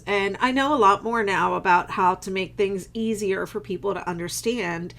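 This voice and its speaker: A woman's voice: mid-range voice, fairly even intonation, normal speed, few pauses. A woman hosting a casual live-stream craft chat from home, rambling and chatty with lots of fillers. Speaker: crochet designer and channel host.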